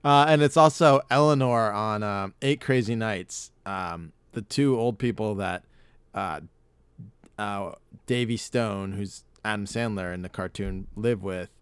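A man's voice: on the low side, measured pace, smooth, no room sound. A man hosting a podcast, chatting casually in a rambling, profane way. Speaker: podcast host. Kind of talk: casual chat.

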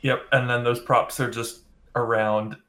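A man's voice: medium pitch, flat delivery, unhurried, a bit bright. A man co-hosting a podcast, chatty and wry in casual conversation. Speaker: podcast co-host. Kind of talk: casual chat.

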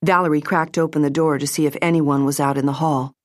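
Low-voiced woman narrating an audiobook. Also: fairly even intonation, fast, dry recording, clean studio sound.

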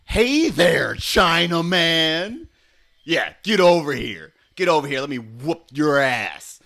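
A man's voice: on the high side, very animated, gravelly, bright, forceful tone, pitched above the performer's own voice, heavily acted. A man playing a sneering bigoted college bully in a comedy sketch, drawing out his taunts. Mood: taunting. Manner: jeering, drawn-out taunts.

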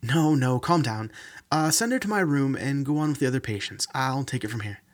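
A man's voice: medium pitch, expressive, brisk, lightly acted. A man voicing a stern woman doctor under pressure, speaking urgently and curtly. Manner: urgent and curt.

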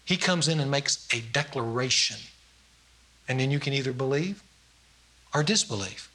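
A man's voice: medium pitch, lively intonation, moderate pace, sharp tone. A man preaching a sermon, telling stories with acted-out quotes and swelling, emphatic delivery.

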